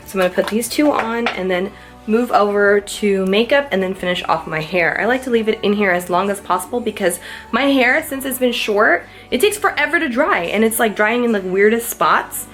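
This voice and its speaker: A young woman talks her way through a quick makeup routine for a vlog, chatty and self-mocking as she works. She sounds a little out of breath, and faint music plays in the background. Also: medium pitch, animated, a bit bright, rough recording. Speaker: beauty vlogger. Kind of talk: casual get-ready-with-me makeup chat.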